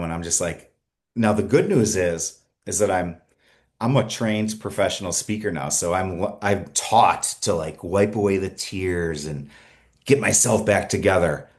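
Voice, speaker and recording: Deep voiced middle aged guy on a podcast, earnest and energetic, keeps restarting sentences. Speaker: podcast guest. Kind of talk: conversational interview storytelling.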